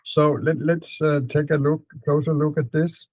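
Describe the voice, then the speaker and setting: A man with a Danish accent calmly guiding a client through a therapy session, repeating prompts slowly. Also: a little high, dry recording, low-quality recording. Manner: calm, repetitive prompting with fillers.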